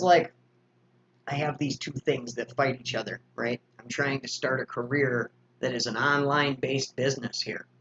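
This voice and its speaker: A man's voice: high voice, bright, forceful tone, lo-fi sound. A man hosting a recovery livestream, chatting casually as he reads viewer comments, joking around and swearing freely. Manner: loose and joking, with frequent swearing and slang.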